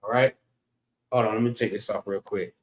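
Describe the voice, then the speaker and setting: A man teaching a class, relaxed and casual, often saying "all right" between points. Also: on the low side, brisk, echoey room, low-quality recording.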